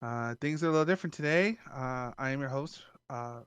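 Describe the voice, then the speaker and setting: A man's voice: medium pitch, fairly quick, fairly bright tone, smooth, no room sound. A man hosting a casual podcast, rambling with lots of fillers. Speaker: podcast host.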